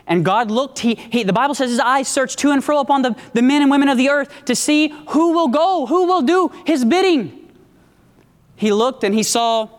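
A woman preacher delivers a sermon from a church sanctuary, and her voice rings out with a long hall reverb. She keeps asking the congregation for an amen. She swings from high, emphatic declarations to low, hushed passages. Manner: call-and-response, asking the congregation for amens.

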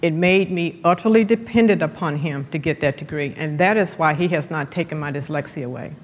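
A woman giving an emphatic church testimony, repeating phrases and slowing down for effect. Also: deep voice. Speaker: guest speaker giving testimony. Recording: long church-hall reverb.

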